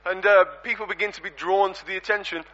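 A man preaching a storytelling sermon in a church, animated and conversational, full of rhetorical questions. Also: high-pitched, quick pace. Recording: dull lo-fi recording.

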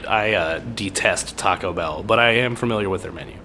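A man's voice: deep voice, brisk, slight background noise. A young adult man co-hosting a podcast, joking and bantering in a casual chat. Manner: joking, playful, animated. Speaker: podcast co-host.

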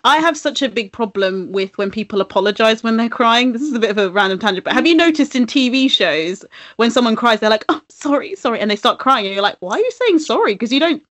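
A woman co-hosting a podcast in casual chat, animated and playful, laughing often. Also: a little high, fast. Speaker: podcast co-host.

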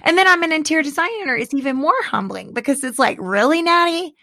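A middle-aged woman in casual chat, animated and dramatic, laughing often. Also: high-pitched, fast talker, gravelly, no room sound, clean studio sound.

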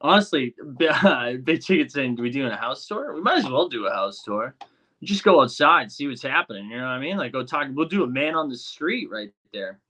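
A man's voice: medium pitch, very animated, moderate pace, sharp tone. A young man hosting a livestream, talking to his chat casually and sounding frustrated and restless. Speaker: livestream host.

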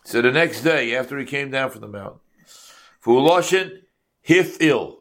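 A man's voice: medium pitch, lively intonation, normal speed, a bit bright. A man teaching a Torah class to his congregation, asking rhetorical questions and mixing in Hebrew and Yiddish terms.

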